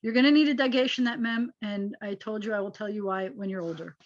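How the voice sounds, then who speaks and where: A woman rabbi teaching a Hebrew grammar class online, explaining patiently and getting animated when she makes a point. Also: medium pitch, fast. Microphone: video call. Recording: dull lo-fi video call audio.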